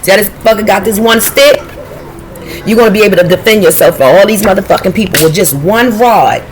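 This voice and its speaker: A woman giving a casual intuitive tarot reading, blunt and profane, talking in a streetwise, animated way. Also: mid-range voice, a little fast. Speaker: tarot reader.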